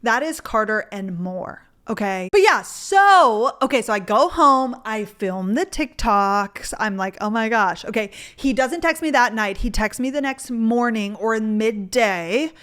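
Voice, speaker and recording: A woman's voice: a little high, measured pace, hardly any pauses, a bit bright. A young woman telling a dating story in a casual, rambling way, with lots of "like" and gushing asides. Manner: gushing, rambling, filler-heavy with frequent "like". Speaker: vlogger.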